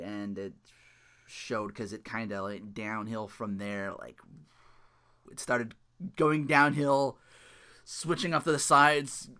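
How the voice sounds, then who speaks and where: A man hosting a podcast, recapping wrestling matches in a casual, animated play-by-play, laughing often and swearing freely. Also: on the low side. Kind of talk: casual solo recap with impressions.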